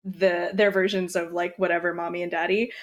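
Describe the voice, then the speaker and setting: A woman's voice: on the low side, level tone, a little fast. A woman on a podcast chatting casually, laughing often and restarting her sentences. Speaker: podcast co-host. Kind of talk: casual chat.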